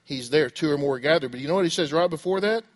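A middle-aged man preaching a sermon, with a voice pitched a little high for a man. He asks his listeners rhetorical questions and acts out the voices of the people he quotes. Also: rapid-fire. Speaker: pastor.

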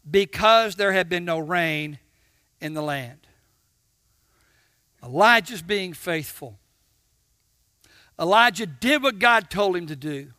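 A man preaching a sermon, swinging from shouts to hushed tones and acting out little dialogues with God. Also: high-pitched, no room sound, studio quality. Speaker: pastor.

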